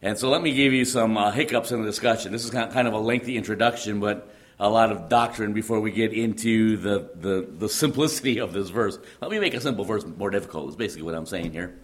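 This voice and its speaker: A pastor with a Midwestern accent preaches in a very low, deep male voice. He talks in a relaxed, conversational way, pausing on fillers and restarting phrases. Touches of gentle humor run through his sermon. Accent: Midwestern American.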